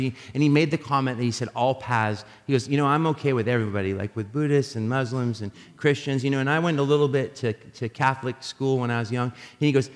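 A man preaching a sermon as a pastor, telling animated, jokey stories with many restarts. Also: mid-range voice. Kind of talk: sermon with storytelling. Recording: live sermon in a reverberant hall.

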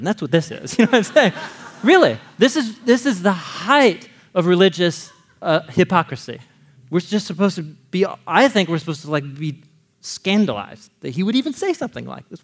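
A male preacher teaching a Bible story in a lively way, laughing often and acting out the characters' lines. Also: sits high, moderate pace. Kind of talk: animated sermon teaching.

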